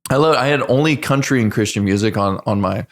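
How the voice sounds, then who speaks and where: A man in his forties, a veteran guest on a podcast, telling his story in earnest, halting speech with many restarts. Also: fairly low pitch. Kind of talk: casual storytelling interview.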